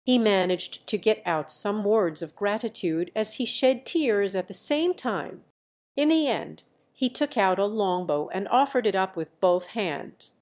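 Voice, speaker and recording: A woman narrating a translated web novel as an audiobook in an even, unhurried way. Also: medium pitch. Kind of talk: scripted narration.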